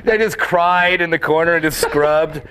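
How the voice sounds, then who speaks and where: A man in casual chat, telling rambling, animated stories full of fillers and acting out quoted lines. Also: fairly high pitch, normal speed, clean tone. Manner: acts out quoted lines in the story.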